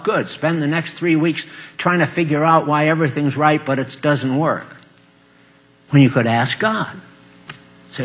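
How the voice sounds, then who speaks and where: An older man preaching a folksy sermon, chuckling often and swinging between loud emphatic lines and quiet asides. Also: on the high side, unhurried, pauses often.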